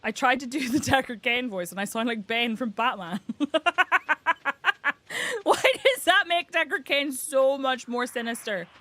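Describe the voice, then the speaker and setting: A woman's voice: a little high, expressive, normal speed, few pauses, sharp tone. A young British woman chatting casually and giggling as she streams a farming game. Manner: giggly, chatty, self-mocking. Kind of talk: casual game livestream chat.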